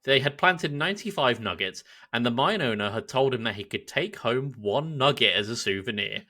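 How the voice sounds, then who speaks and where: English podcast co-host, male, bright and animated, chatty storyteller who laughs easily. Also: medium pitch, normal speed. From England. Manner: lively, laughs often while telling a story. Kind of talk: casual storytelling chat.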